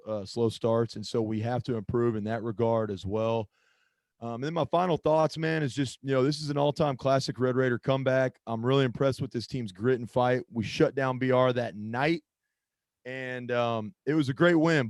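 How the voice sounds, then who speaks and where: A man with a darkish, mid-range voice co-hosts a laid-back sports podcast, recorded without echo. He rambles, interrupts himself, and often stalls while trying to recall a name or gets lost mid-thought.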